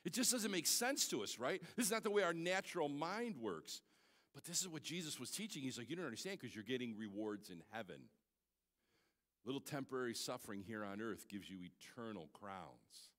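A male pastor delivers a sermon with a lively, rising and falling voice and a bright, forceful tone. He moves between shouted exclamations and quiet, emotional asides. The sound carries a long reverb from a large church hall. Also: mid-range voice, brisk. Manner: swings from shouted exclamations to soft, tearful asides. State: holding back tears. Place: church sanctuary.

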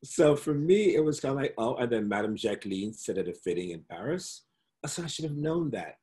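A middle-aged man, a guest in a casual interview over a video call, telling animated stories and slipping into the accents and voices of the people he quotes. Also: mid-range voice, fairly quick. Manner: flamboyant, animated storyteller who slips into voices and accents.

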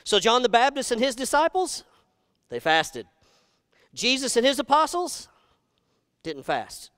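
A pastor preaching in a high, smooth, resonant voice. He is animated and emphatic and keeps asking his congregation questions. The sound is dry and close. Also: unhurried, dry recording. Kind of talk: sermon. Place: church sanctuary.

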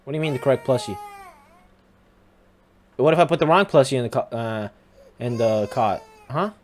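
A young man chatting his way through a game, needling the characters as he plays. His voice sits at an ordinary middle pitch, with a faint hiss of noise under it. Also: animated, normal speed. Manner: teasing, talks back to the game characters. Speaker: gamer. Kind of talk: casual game commentary.

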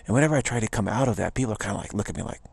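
A man's voice: fairly low pitch, expressive, very fast, creaky, a little mellow, husky, dry recording. A man giving an informal spiritual talk in a rambling, repetitive way, often slipping into quoted voices. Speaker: spiritual teacher.

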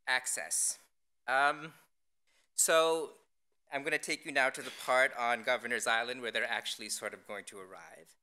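A man presenting his design work in a public lecture, speaking in a deadpan, wry way with frequent ums and restarts. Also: medium pitch, moderate pace.

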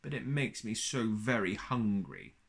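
Cast: soft honey-mad storybook bear, read by a man, low voice, lively lilt. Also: measured pace, gravelly, husky, full character voice. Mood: gentle. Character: gentle honey-loving teddy bear, male.

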